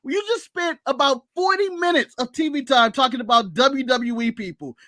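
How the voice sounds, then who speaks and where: A man's voice: very high-pitched, normal speed, pushed and bright, no room sound. A man from the United States co-hosting a casual podcast, ranting sarcastically with laughs and swearing. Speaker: podcast co-host.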